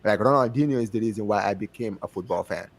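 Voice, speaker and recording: A man from the United States with an African accent speaks fast in a voice on the low side. As a guest on a fan show in casual chat, he talks passionately and repeats himself for emphasis.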